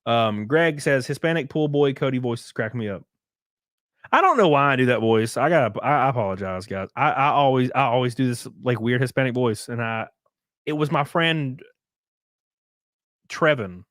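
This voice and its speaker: Laughing Southern streamer, dry mic. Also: male voice, mid-range voice, expressive, normal speed, a bit bright, no echo. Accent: Southern US (Alabama). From rural Alabama. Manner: rambling, laughs often, swears freely. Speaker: livestreamer and race car driver. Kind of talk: casual livestream chat reading viewer comments.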